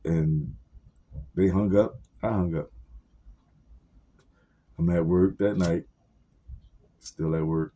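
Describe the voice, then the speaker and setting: A young man tells a personal story in loose street slang, swearing freely and filling gaps with fillers. His voice sits low and dark. It carries a husky edge as he acts out each exchange. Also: steady tone, takes it slowly, pauses often.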